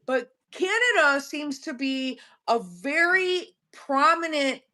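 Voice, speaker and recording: A woman's voice: high-pitched, expressive, takes it slowly, pushed and bright. A woman hosting a livestream, talking bluntly in casual chat and filling with "like". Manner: blunt, uses "like" a lot. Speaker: livestream host.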